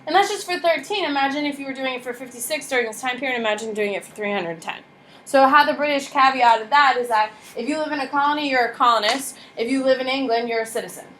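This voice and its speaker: A woman from the United States teaching a class history lecture, lively and blunt, asking the class many rhetorical questions. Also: high voice, fast, slight background noise.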